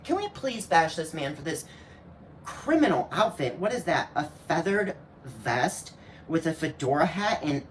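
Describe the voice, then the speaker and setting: A man's voice: on the high side, big pitch swings, measured pace, fairly bright tone. Man, reaction video host, sassy, snarky, slangy asides, casual commentary, faint hiss.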